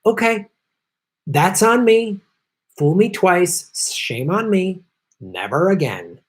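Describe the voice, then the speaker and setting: A man's voice: high-pitched, takes it slowly. Brief: middle-aged male host, heated profane rant, hammering his points over and over. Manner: angry, profane, emphatic and repetitive. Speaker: host of a political commentary show. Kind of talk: ranting political commentary.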